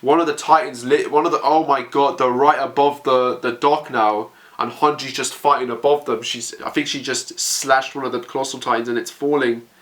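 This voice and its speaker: Guy reacting to a manga, gets worked up and trips over his words, mid pitch voice. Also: normal speed, hardly any pauses. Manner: excitable, stammering, narrates aloud. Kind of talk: emotional reading reaction.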